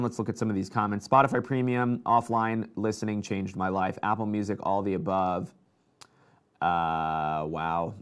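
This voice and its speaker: A man hosting a casual live tech show, talking excitedly and reading out viewer comments. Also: lowish voice.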